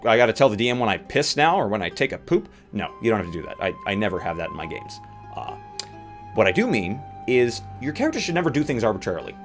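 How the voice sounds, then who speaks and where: A young man who plays and runs tabletop games, giving casual, opinionated advice with rambling asides. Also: mid-range voice. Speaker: tabletop game player and dungeon master. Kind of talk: casual how-to advice talk. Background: faint guitar music.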